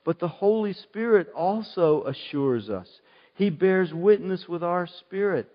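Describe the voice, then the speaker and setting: A middle-aged man preaching a sermon as a pastor, telling a personal story earnestly and moving between emphatic outbursts and soft, prayerful tones. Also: medium pitch. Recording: dull sound with long hall reverb.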